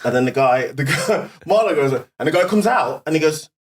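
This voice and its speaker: A British man, a comedian co-hosting a podcast, telling lively stories on stage life and acting out the voices of people in them. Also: on the high side, fairly quick. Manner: animated, laughing, acts out voices in anecdotes. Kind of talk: casual storytelling chat.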